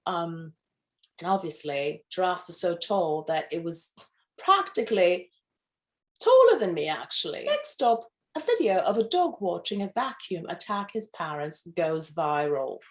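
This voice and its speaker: Woman, news host, campy and gushing, unhurried delivery, very animated intonation. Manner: campy, gushing asides with sudden high squeals. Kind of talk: playful pet news anchoring.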